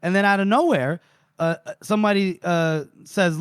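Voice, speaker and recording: A man on a book podcast walks his co-hosts through the chapters, slipping into the characters' lines as he goes. His voice sits a little high for a man and is recorded close and dry, with no room around it. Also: normal speed, clear, resonant tone, no room sound. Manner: animated retelling, reading out and voicing quotes. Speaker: podcast co-host. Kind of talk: casual book-recap chat.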